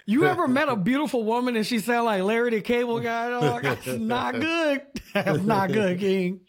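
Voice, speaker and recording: A man's voice: very high voice, moderate pace. A man co-hosting a podcast in casual chat, telling stories, laughing and acting out quotes. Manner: animated storyteller, laughs often, acts out quotes. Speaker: podcast co-host.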